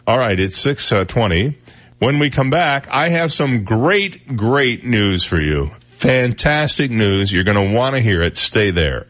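A man's voice: mid-range voice, a little slow. A man hosting a morning talk radio show, chatting casually and joking. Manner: animated, joking, laughs often, puts on silly voices.

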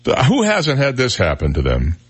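A man co-hosting a morning radio show. His voice is mid-pitched and swings up and down with a lot of life, and he jokes and chuckles his way through the news stories he reads aloud. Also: huge pitch swings, moderate pace, slightly rough. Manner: jokey, laughs while reading news stories aloud. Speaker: radio co-host. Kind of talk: casual morning radio banter. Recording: radio broadcast.

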